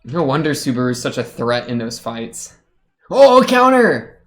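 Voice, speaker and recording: A man's voice: medium pitch, steady tone, fairly quick. A young man casually commenting while watching an anime episode, chatty and rambling, laughing often. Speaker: reaction streamer.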